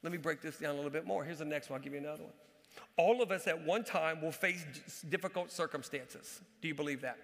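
A man preaching a sermon to a church congregation, animated, repeating his key phrases for emphasis. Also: on the high side, fast. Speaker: pastor. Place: church sanctuary. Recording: live church recording with long hall reverb.

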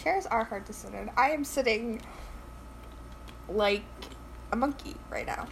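A teenage girl co-hosting a casual podcast, loud, teasing and quick to laugh. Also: on the high side, creaky, slight background noise, poor audio. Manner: giggly, loud, quick to tease. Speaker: podcast co-host. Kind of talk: casual chat.

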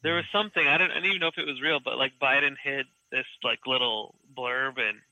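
A man co-hosting a casual chat, joking along with short quick quips. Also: mid-range voice, sharp tone, no echo, rough recording. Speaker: co-host. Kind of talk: casual banter.

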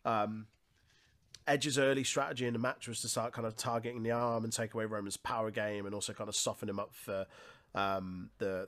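A man's voice: fairly low pitch, a bit bright. A man, co-hosting a casual chat and recapping a match in detail, loose and sweary, laughing often. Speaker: wrestling podcast co-host.

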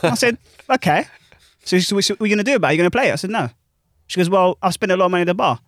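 Fast-talking high-voiced DJ. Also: male voice, dry recording. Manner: animated, laughing anecdotes with British slang. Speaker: club DJ. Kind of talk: casual chat, storytelling.

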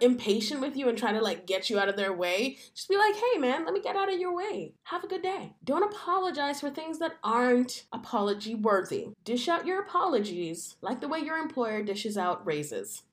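A woman in her thirties hosting a solo podcast, talking in a chatty, wry way and laughing often. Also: high voice. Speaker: podcast host.

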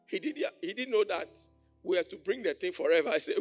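Animated preacher man, lively pitch. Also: moderate pace, long pauses, soft background music. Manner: animated, shouting and laughing, mimicking others. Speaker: pastor. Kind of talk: sermon.

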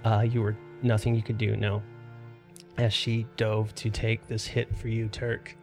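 A man narrating a tabletop role-playing game as game master, describing scenes in a calm, even way with fillers. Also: fairly low pitch, a little slow, faint music behind.

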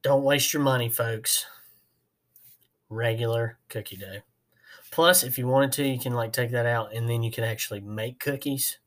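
A man who hosts a podcast and works as an HVAC technician tells a work story casually, rambling in a folksy way with plenty of fillers. His medium-pitched voice is a bit bright and moves at a moderate pace.

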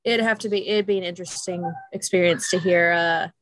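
A woman co-hosting a podcast in casual chat, talkative and quick to laugh. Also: lowish voice, steady tone, a bit bright, dry recording. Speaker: podcast co-host.

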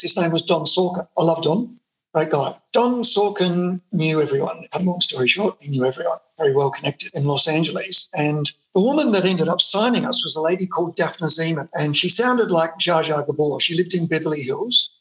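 A man, a musician, telling animated and enthusiastic stories in an interview. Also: on the high side, husky, rough recording. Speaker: musician guest. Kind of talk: interview storytelling.

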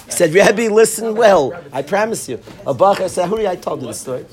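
A man's voice: high voice, animated, fast, a little mellow. A man, a rabbi, giving a casual Torah class to students in a room, telling stories animatedly, acting out quotes and laughing often.

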